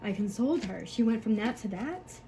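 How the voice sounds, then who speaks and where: A woman's voice: on the high side, animated, moderate pace, dark tone, a little hiss or hum, poor audio. A woman, a mother, talking to camera in a rambling, frustrated way, full of fillers and swearing. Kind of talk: emotional personal monologue.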